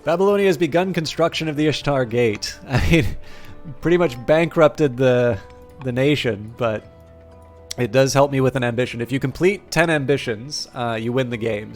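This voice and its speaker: A man in the middle of his usual pitch gives live commentary on a strategy game as he plays. He reasons out loud and often breaks off to restart his sentences, amused at his own choices. Soft game music runs quietly behind him. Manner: thinks aloud with frequent fillers and restarts, self-amused. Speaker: game streamer.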